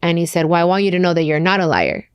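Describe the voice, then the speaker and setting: A woman's voice: lowish voice, fast, clean tone, dry recording. A woman podcast host in her thirties telling a personal story candidly and emotionally, acting out the dialogue as she goes.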